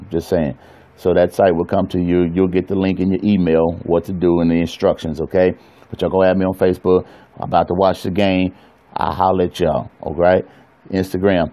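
Playful pastor chatting on a livestream. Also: male voice, low voice. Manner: animated, playful, talks straight to viewers. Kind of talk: casual livestream chat. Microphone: phone camera.

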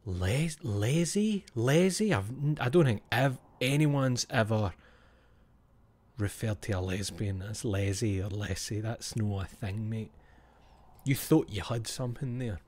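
Talking casually with his stream viewers, this Scottish man is blunt, swears without restraint and chuckles to himself along the way. He speaks a little slowly in a lowish, darkish voice that carries a breathy edge.

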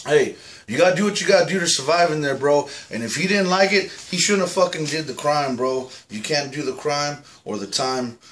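A man's voice: on the high side, lively intonation, a little fast, fairly bright tone, slight background noise. A man playing a swaggering foul-mouthed ex-con. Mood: blustering. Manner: profane, aggressive, keeps saying "all right?". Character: boastful foul-mouthed male ex-con claiming to be the real Julian. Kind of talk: comic character monologue to camera.

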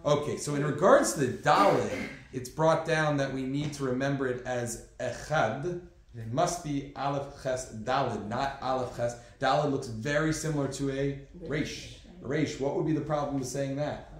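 A man's voice: mid-range voice, normal speed, slight background noise. A man giving a conversational class as a rabbi, with many fillers and asides. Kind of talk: classroom lecture. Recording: very echoey room.

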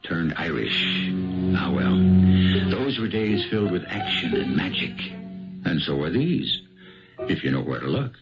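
A man hosting and narrating a 1970s radio mystery drama in a measured storytelling manner. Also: low-pitched, lively intonation. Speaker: host. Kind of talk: scripted narration. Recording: dull lo-fi 1970s radio broadcast with music.

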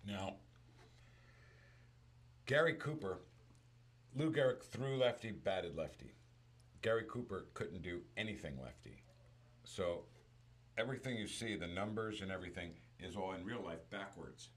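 A man chatting casually about movies, retelling scenes in an animated storytelling manner. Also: low voice, a little slow, pauses often.

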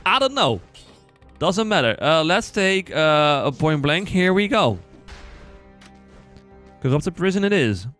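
Gamer guy w an accent chatting to y'all while he plays, super lively ups and downs, self-mocking yelps. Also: a little high, unhurried, long pauses, soft background music. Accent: non-native English accent. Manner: chatty, excitable, talks to viewers as "y'all". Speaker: gaming channel host. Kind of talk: casual let's-play commentary.

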